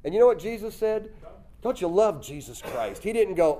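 Man preaching, mellow voice, slightly high, lively storytelling, chuckles. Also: moderate pace. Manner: lively storytelling, acts out voices with loud jumps; chuckles often. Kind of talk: sermon.

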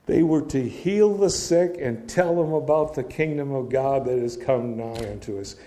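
Middle-aged man, Bible teacher, mellow voice, casual storytelling between scripture readings. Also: medium pitch, normal speed. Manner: reads scripture aloud then explains it in a casual, storytelling way.

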